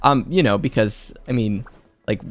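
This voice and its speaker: A male voice actor hosting a casual chat, telling animated stories with lots of laughter and restarts. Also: medium pitch, normal speed, slight background noise. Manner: animated, laughing storyteller who often restarts his words.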